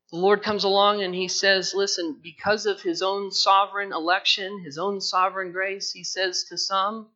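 A male pastor preaching in a church sanctuary, his raised, bright voice carrying the sermon. He swings between forceful emphasis and hushed, pleading passages. The recording sounds dull and muffled. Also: high voice, level tone, moderate pace, few pauses.

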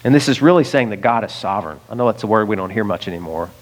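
A man's voice: on the low side, lively intonation, rapid-fire. A man from the United States preaching a sermon in a conversational way, with chuckles and direct asides to the listeners. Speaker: pastor.

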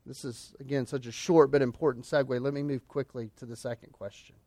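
A man's voice: medium pitch, fairly even intonation, a little fast, warm tone, no room sound. A male pastor preaching an expository sermon, emphatic and full of rhetorical questions.

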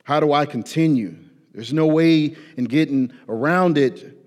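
A man preaching a sermon in a casual, animated way, with slang and acted-out prayers. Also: a little high, a little slow. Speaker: pastor. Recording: long hall reverb.

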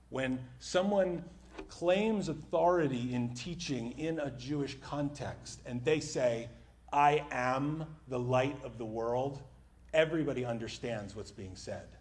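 A man preaching a sermon on a church stage into a microphone, conversational and animated, often dropping to a hush. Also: mid-range voice. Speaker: pastor.

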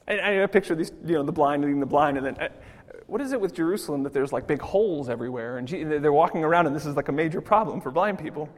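A man preaching a sermon in a church, lively and quick to laugh at his own jokes. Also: a little high. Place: church sanctuary. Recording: long church hall reverb.

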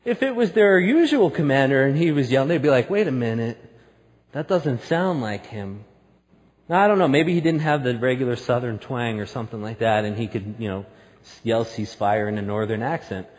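A man preaching a sermon, telling a story that builds to loud, emphatic peaks. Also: mid-range voice, fairly quick, big-room sound. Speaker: pastor.

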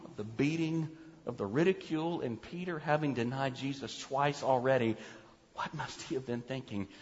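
A man preaching a sermon, emphatic, acting out the voices he quotes with rising intensity. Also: medium pitch. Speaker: pastor. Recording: dull recording with long hall reverb.

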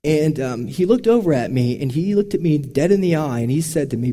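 A man's voice: fairly high pitch, lively intonation, a little fast, hardly any pauses, dark tone. Earnest male preacher, echoing hall. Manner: storytelling preacher, earnest and direct. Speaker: pastor. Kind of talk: sermon. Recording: long reverb of a large hall.

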